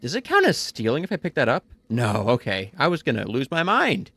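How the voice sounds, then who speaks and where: A man's voice: mid-range voice, huge pitch swings, a little fast, a bit bright, dry recording. Joking male streamer on a dry close mic. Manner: joking, talks to himself. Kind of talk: casual gameplay commentary.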